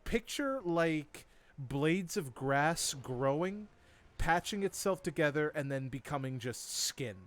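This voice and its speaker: A man's voice: on the high side, lively intonation, takes it slowly, a bit bright. A man narrating as dungeon master of a tabletop game, laid-back, thinking aloud and chuckling.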